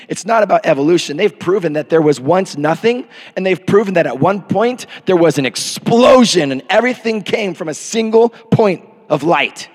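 Animated preacher man in a reverberant hall. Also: sits high. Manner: animated, swings from hushed asides to shouted peaks. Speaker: pastor. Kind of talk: sermon. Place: church hall. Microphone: handheld or podium microphone.

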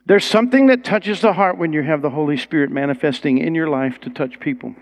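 A man's voice: on the high side, brisk, hardly any pauses. A man preaching a sermon in a conversational, storytelling way. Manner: conversational, rising to excited storytelling.

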